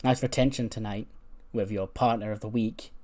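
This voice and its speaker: A taunting female rival wrestler issues a veiled threat, as a man voices her. The delivery stays close to his everyday voice, even and unforced. It comes across as a plain gameplay voice-over. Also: fairly low pitch, normal speed, lightly acted.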